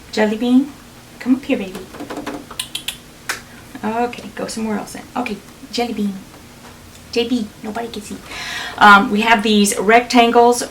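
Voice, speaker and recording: A woman's voice: medium pitch, far from the mic, slight background noise. Chatty woman sewing-along on camera. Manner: chatty, many ums, laughs at herself. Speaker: quilting vlogger. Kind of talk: casual sewing tutorial chat.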